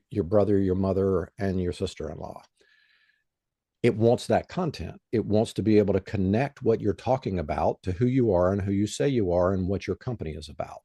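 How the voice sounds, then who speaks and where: A man's voice: on the low side, dark tone, slightly rough, dry recording. A man who is a guest on an interview show, explaining in a plain, conversational way with frequent "um" and "you know.". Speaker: guest expert.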